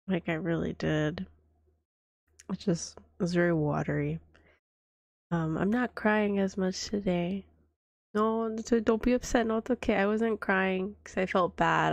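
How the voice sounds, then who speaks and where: A woman speaks in a whispered role-play, nursing a cold that leaves her coughing. She talks slowly and drifts off mid-thought, her voice carrying a gravelly fry. The close microphone sounds dry, with no room in it. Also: mid-range voice, no room sound. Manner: soft-spoken, rambling, trailing off. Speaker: vtuber streamer.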